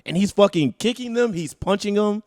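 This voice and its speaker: Laid-back young man, slightly high voice. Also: lively intonation, normal speed, a little mellow, no room sound, studio quality. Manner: laid-back, says "bro" a lot. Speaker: podcast co-host. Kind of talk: casual chat.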